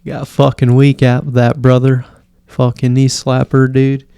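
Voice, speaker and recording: Gravelly, profane man rambling solo. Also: medium pitch, monotone, a little slow, mellow, dry recording, studio quality. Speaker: podcast host. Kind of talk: casual solo podcast rant.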